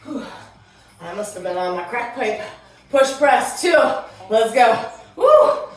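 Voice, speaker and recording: A woman's voice: fairly high pitch, unhurried. Breathless woman coaching a workout. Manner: energetic cueing, counting down, chatty asides. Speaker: fitness instructor. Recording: roomy echo, distant mic, music behind.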